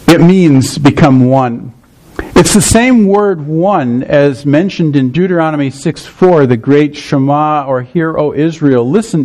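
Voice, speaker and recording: A middle-aged man preaching at a medium pitch, unpacking scripture in an explanatory way. He often pauses to check in with his listeners as he goes. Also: a little mellow, poor audio. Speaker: pastor. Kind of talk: sermon.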